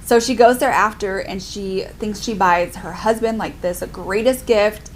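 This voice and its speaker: A woman's voice: mid-range voice, steady tone, measured pace, a little hiss or hum. A young adult woman chatting casually in a book review vlog, filling her talk with "like". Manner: chatty, lots of "like" fillers. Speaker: book vlogger.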